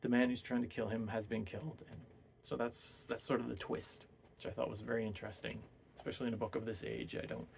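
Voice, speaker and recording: Male book reviewer for a casual, rambling plot retelling. Mid-pitched voice with a gravelly fry. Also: little pitch movement, fast, a little hiss or hum. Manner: rambling, hesitant, many fillers.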